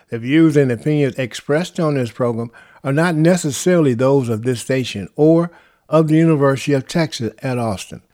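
A man hosts a radio program and reads its closing in a formal, announcer-like way. His voice sits at an ordinary pitch. He delivers the sign-off from a script. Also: a little mellow.

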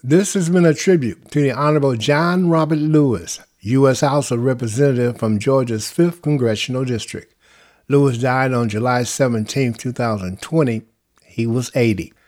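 A man hosts a radio program and reads its closing in a formal, announcer-like way. His voice sits at an ordinary pitch. He delivers the sign-off from a script. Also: a little mellow.

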